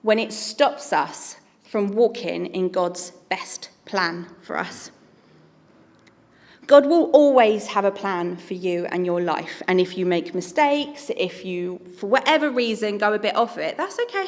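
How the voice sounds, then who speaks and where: A woman's voice: mid-range voice, lively intonation, unhurried, big-room sound. A woman giving an earnest, conversational sermon as a preacher.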